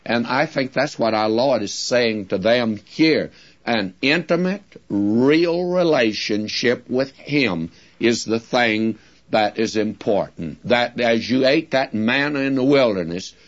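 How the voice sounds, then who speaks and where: A man teaching from the Bible in a sermon, deliberately drawing out key words and speaking directly to his listeners. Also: medium pitch, animated. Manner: addresses listeners directly, folksy asides. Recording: dull lo-fi recording.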